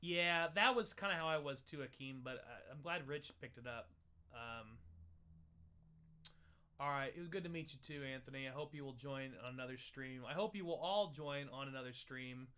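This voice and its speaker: Bright-voiced, playful young man. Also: mid-range voice, moderate pace, smooth. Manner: playful, jokey, breaks into laughs. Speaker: livestream host. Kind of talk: casual tasting livestream chat.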